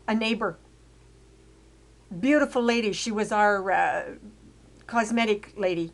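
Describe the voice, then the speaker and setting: An older woman talks through her life story in a loose, rambling way, stopping and restarting with fillers. When she gets worked up, her voice climbs and she becomes loud and emphatic. Her pitch sits in an ordinary middle range. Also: unhurried, gravelly, pauses often. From Canada. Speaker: autobiographical storyteller. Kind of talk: casual narration over photos.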